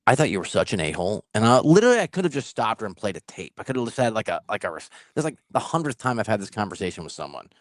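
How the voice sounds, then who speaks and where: A man's voice: fairly low pitch, racing, hardly any pauses, no room sound. A man hosting a casual podcast, his voice rising and falling a lot as he laughs through stories. The sound is dry and close. He talks loosely and swears now and then. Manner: animated, laughing storyteller who swears. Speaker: podcast host. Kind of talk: casual storytelling chat.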